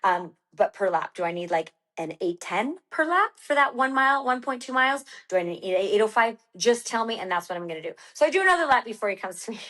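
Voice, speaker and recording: A woman's voice: on the high side, big pitch swings, quick pace, hardly any pauses, bright, forceful tone. A woman guest on a podcast, telling a story casually with many fillers and acting out her own quoted lines.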